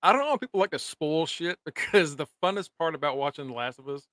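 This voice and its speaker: Laid-back man with a bright voice. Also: a little high, lively intonation, fast, no echo, clean studio sound. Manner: laid-back, laughing, teasing. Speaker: podcast co-host. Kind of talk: casual show recap chat.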